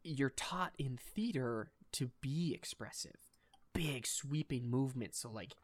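A man's voice: mid-range voice, animated, measured pace. Rambling, enthusiastic young man hosting. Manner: rambling, enthusiastic, swears casually, many fillers. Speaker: podcast host. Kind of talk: casual chat.

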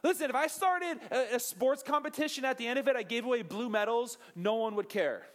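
Man, young adult, pastor, high pitch, animated joking sermon, asks audience questions. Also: brisk. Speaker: youth pastor. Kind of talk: energetic sermon.

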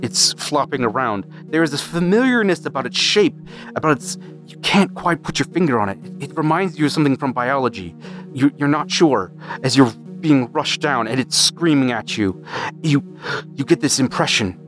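A man running a tabletop role-playing game as game master, narrating in a halting way with repeated words. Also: mid-range voice, expressive, a bit bright, faint music behind.

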